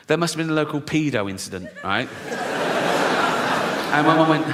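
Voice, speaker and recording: A man's voice: fairly high pitch, expressive, normal speed, long pauses, noisy background. An English man in his sixties doing a stand-up comedy routine, swearing and acting out voices in his stories, with a dry delivery. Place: large theatre stage. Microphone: stage microphone. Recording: live theatre recording with long reverb.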